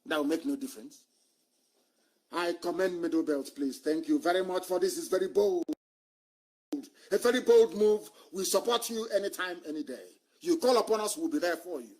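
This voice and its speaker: A man giving an impassioned live broadcast address as a movement leader, fiery and scornful, swinging between loud outbursts and low muttering. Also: moderate pace.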